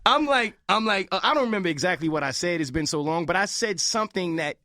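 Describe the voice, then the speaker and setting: A young man telling a story on a casual podcast, animated and acting out the other people's lines. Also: high voice, fast, no room sound, clean studio sound. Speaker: podcast host.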